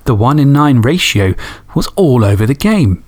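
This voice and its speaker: A man's voice: mid-range voice, big pitch swings, moderate pace, a little mellow. A man hosting a podcast, reading fan stories and chatting enthusiastically, swearing casually. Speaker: podcast host.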